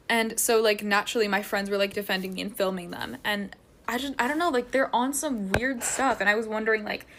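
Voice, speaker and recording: A woman's voice: mid-range voice, fairly bright tone. A teenage girl rambling through a casual storytime while getting ready at home, filling every sentence with "like". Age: teens. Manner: rambling, heavy use of "like" fillers.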